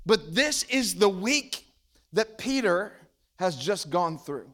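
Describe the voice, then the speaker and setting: High-voiced animated male pastor. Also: takes it slowly. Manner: animated storytelling, acting out quoted voices. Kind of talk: sermon.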